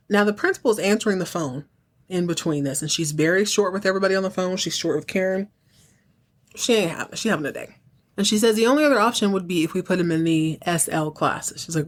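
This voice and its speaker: A woman's voice: lowish voice, expressive, fairly quick. A woman hosting a podcast, casually recapping a TV episode with wry asides and acting out the characters' lines. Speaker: podcast host.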